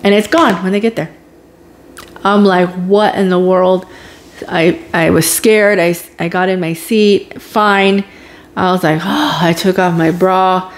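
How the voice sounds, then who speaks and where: A woman's voice: fairly low pitch, fairly even intonation, a little slow. A woman vlogger telling her own story in a casual, emotional way, with sighs and groans as she relives it.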